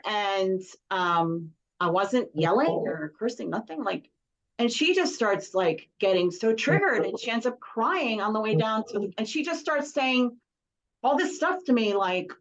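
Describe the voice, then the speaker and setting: A middle-aged woman telling a story in casual chat on a video call, rambling, with many fillers and restarts. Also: on the high side. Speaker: songwriting circle member. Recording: slightly dull video call audio.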